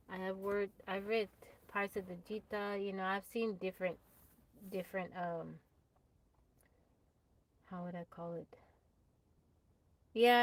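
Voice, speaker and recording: A woman's voice: mid-range voice, darkish tone, a little hiss or hum, rough recording. A woman chatting casually on a live stream, laughing often and talking straight to her viewers. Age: adult, mother of a child. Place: tiny house off the grid.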